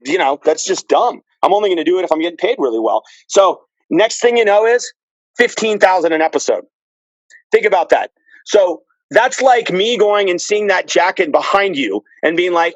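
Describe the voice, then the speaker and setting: A man guest on a podcast, telling stories in casual, profane, animated chat. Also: sits high, moderate pace, no room sound, rough recording.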